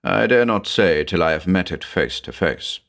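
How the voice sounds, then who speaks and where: A brave village priest of olden times speaks with solemn, reassuring warmth, his voice lifting higher and fuller than the narration, as a male narrator puts him on. His delivery is lively and rises often, in a spoken horror tale. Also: normal speed, gravelly, heavily acted. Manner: solemn, reassuring, forced cheer. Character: earnest medieval village priest, steady and brave.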